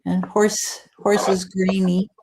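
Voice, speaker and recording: A woman chats casually on a podcast and keeps her replies short and hesitant. She talks slowly, and her pitch stays flat and level. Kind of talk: casual chat.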